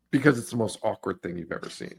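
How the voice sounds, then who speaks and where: A man's voice: fairly low pitch, creaky. A young man co-hosting a podcast, casually retelling a film's scenes with frequent laughter and quoted lines. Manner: laughs often, animated retelling with quoted voices. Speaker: podcast co-host. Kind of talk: casual movie-recap chat.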